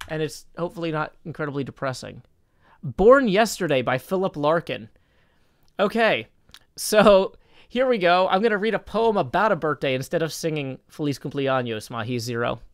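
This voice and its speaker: A man's voice: on the high side, expressive, moderate pace. A man reading poetry aloud and chatting on his live stream, with careful stress on the words and frequent hesitant fillers.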